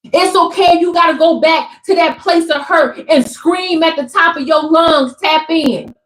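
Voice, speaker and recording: A young woman delivers a spiritual pep talk in a high, bright-pitched voice. She talks casually but builds emphasis through repetition, like a preacher working a crowd. Her voice rings out in an echoey room. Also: normal speed, a little hiss or hum. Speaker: spiritual content creator.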